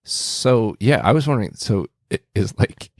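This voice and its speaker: A man's voice: lowish voice, animated, moderate pace, a little mellow, dry recording, clean studio sound. A man co-hosting a casual podcast, teasing and rambling with lots of fillers. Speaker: podcast co-host. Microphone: studio podcast mic.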